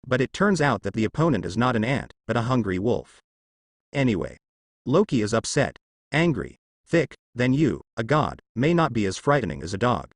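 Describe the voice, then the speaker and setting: Man narrator, storybook reading, steady delivery, lively pitch, dry close sound. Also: normal speed, no echo. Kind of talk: storybook narration of a translated fan novel.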